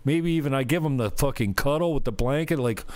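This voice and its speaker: A man's voice: medium pitch, a little fast, darkish tone, dry recording. Profane rambling man, dry sound. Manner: rambling, swearing, exasperated. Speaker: vlogger. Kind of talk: casual profane rant.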